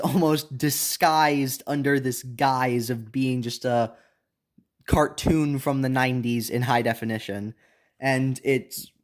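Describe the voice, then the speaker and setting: A young man with a voice of ordinary middle pitch talks through his opinions on a show. He rambles loosely, doubling back on words and filling pauses with ums. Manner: rambling, many restarts and fillers. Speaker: anime reviewer. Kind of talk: casual unscripted review.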